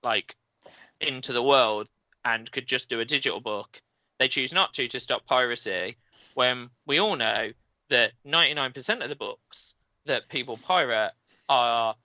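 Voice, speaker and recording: A man's voice: medium pitch, moderate pace, sharp tone, no echo, lo-fi sound. Man, frustrated rant, run-on sentences, dry close sound. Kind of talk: casual group chat.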